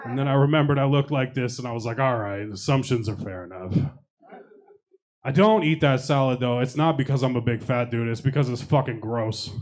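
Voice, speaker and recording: Swearing freely and poking fun at himself, a young adult comic works the audience during his stand-up set at a comedy showcase venue. His medium-pitched voice has a darkish tone and moves at a fairly quick clip.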